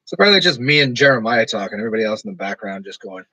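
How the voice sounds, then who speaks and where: Streamer type, male, husky, loose and rambling, self-described monotone, dry close sound at home. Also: fairly low pitch, rapid-fire, no room sound, rough recording. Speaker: streamer talking to live chat. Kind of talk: casual rambling livestream chat.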